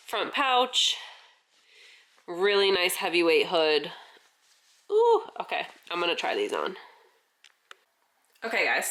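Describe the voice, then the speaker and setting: A woman's voice: on the low side, fairly bright tone, roomy sound. A woman farm vlogger chatting casually with lots of filler words, congested and a little winded. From New York. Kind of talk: casual vlog.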